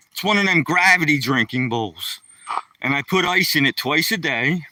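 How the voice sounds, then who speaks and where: A man's voice: on the high side, bright, forceful tone, no room sound, recorded from a distance. A man livestreaming casually, rambling in a folksy way and chatting to viewers by name. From Pennsylvania. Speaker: livestreaming vlogger. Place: outdoors by a lake, walking a dog.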